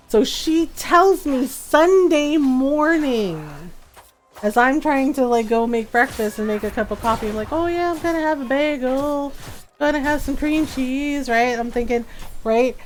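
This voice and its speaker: A middle-aged woman streaming a game, chatting casually and telling an animated story, laughing often and acting out what people said. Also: on the high side, slight background noise. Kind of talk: casual chat while gaming.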